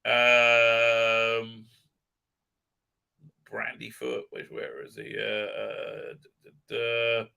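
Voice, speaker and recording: A man hosting a live stream, ranting profanely and mocking characters in squeaky put-on voices. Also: extremely slow, vocal fry, long pauses, sharp tone, smooth. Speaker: show host.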